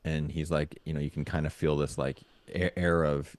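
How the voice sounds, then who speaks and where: A man's voice: a bass voice, flat delivery, moderate pace, no room sound. A man co-hosting a parenting podcast, thinking aloud in casual chat with lots of fillers and restarts. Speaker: podcast co-host.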